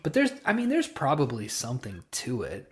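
Young male podcast co-host, easygoing and jokey, middle-pitched voice. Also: wildly swooping pitch, a little fast. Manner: laid-back, joking, short replies. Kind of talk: casual chat.

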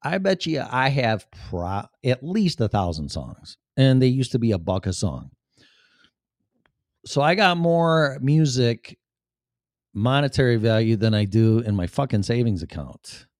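A man's voice: medium pitch, expressive, a little slow, a little mellow, no echo, studio quality. A man with a Chicago accent hosting his show in a rambling, profane, offhand monologue. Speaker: show host. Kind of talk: casual livestream monologue.

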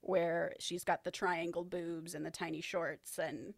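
A woman's voice: lowish voice, level tone, a little slow, gravelly, no echo, clean studio sound. A woman co-hosting a podcast, chatting casually about her work and laughing easily. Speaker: podcast co-host.

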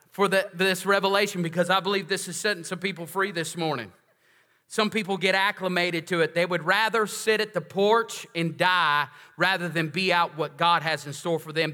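A pastor preaches in a high, bright, sharp voice that rings through a reverberant church hall. He is emphatic yet conversational and keeps checking in with the congregation. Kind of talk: sermon. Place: large church sanctuary.

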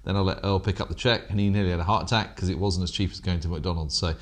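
Deep-voiced British man, dry wit. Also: fairly even intonation, very fast. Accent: British English. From England. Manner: dry, self-deprecating humour. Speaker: podcast co-host. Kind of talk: casual business podcast chat.

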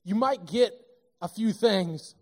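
A man preaching a sermon in a church, talking in a lively, conversational and joking way. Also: sits high, takes it slowly. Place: church sanctuary.

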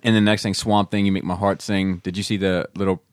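A man co-hosts a casual comics podcast in a somewhat low voice. He rambles, swears and laughs easily, recorded dry and close. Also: little pitch movement, a little fast, dry recording. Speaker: podcast co-host. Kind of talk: casual chat about comics and films.

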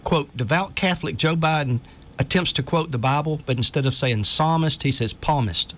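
A man's voice: a little high, a little fast, fairly bright tone, slight background noise. Earnest man hosting talk radio. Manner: earnest, urgent, reads articles aloud. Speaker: radio show host.

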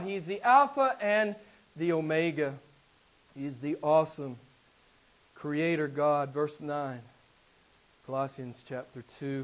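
A middle-aged man preaching a sermon, swinging between loud emphatic declarations and hushed, quiet asides. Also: sits high, a little slow. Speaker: pastor.

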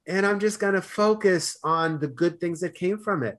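A man with a Boston accent talking fast as a podcast guest, with stammered restarts and slurred words. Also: sits high, a bit bright. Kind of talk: casual conversation.

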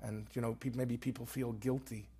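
A man's voice: medium pitch, flat delivery, moderate pace, warm tone, slightly rough. A man, an author and rabbi, telling a story earnestly in conversation and peppering it with Hebrew terms. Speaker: author guest.

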